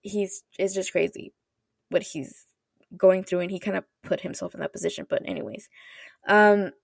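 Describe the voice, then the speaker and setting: A woman's voice: on the low side, normal speed, creaky, slightly rough, no room sound, clean studio sound. A woman podcast host casually recapping a show's plot, rambling with lots of fillers and quoting characters as she goes. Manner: chatty, rambling, heavy on fillers like "like" and "you know"; retells scenes with quoted dialogue.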